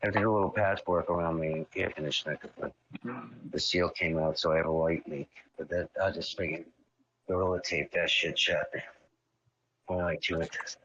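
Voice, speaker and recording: A man's voice: low voice, fairly even intonation, a little fast, fairly bright tone, slightly rough, lo-fi sound. A man rambling in casual stream chat, swearing offhand and wandering between thoughts.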